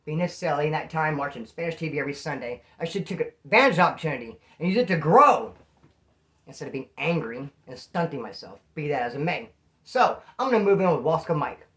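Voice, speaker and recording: Fast-talking man telling prison stories. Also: on the high side. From Bakersfield, California. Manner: rapid, animated street slang. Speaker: storyteller. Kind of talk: casual prison storytelling.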